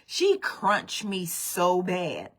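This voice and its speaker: A woman vlogger telling a story to her viewers in an animated, chatty way, speaking straight to them. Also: on the low side, very slow. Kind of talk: casual storytime livestream.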